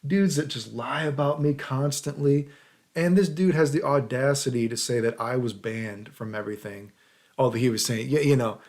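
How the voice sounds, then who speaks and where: Into his computer mic, a man with a medium, darkish voice rants heatedly on his own channel. The monologue is unscripted, full of swearing and repeated "right?" questions.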